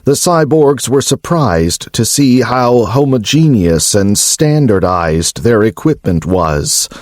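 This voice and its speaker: Slow-paced male audiobook narrator. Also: mid-range voice, no echo, studio quality. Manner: measured, even storytelling.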